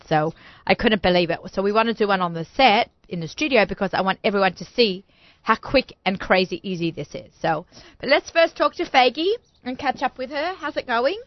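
A woman's voice: mid-range voice, no room sound, dull audio. A woman hosting a studio talk show, chatty and bubbly, often talking over her guests. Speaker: host.

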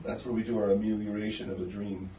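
A man's voice: lowish voice, level tone, fast talker, warm tone. A man in a casual chat, telling stories and making dry quips. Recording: roomy muffled recording with faint hiss.

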